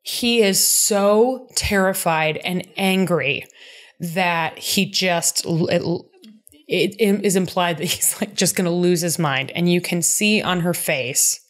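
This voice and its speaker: A woman co-hosting a podcast, chatting casually and animatedly as she recaps a TV episode. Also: fairly low pitch. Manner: animated, quick bursts of speech, acts out characters' lines. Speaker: podcast co-host.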